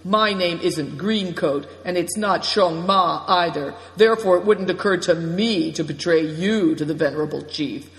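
A man's voice: high voice, normal speed, hardly any pauses, a bit bright. A man voicing a shrewd, cautious male guide who speaks in firm warnings. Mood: pressing. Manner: warning, pressing. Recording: long reverb.

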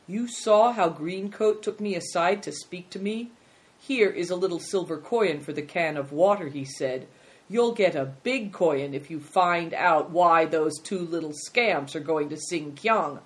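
A woman's voice: lowish voice, measured pace, natural voice. Little Snowbird, a polite country boy, as a woman reads him. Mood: earnest. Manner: polite and earnest. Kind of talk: storybook read-aloud.

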